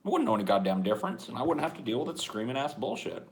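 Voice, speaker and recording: A man co-hosting a podcast, rambling through a profane, deadpan rant in casual chat. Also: mid-range voice, very fast. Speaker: podcast co-host.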